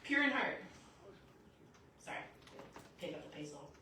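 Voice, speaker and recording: A woman's voice: medium pitch, normal speed. A woman preaches to her congregation and acts out the people in her stories as she goes. Her voice rings through a very echoey church and is picked up from a distance, with light noise behind her. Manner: lively storytelling, acts out quotes. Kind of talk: sermon. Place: church sanctuary.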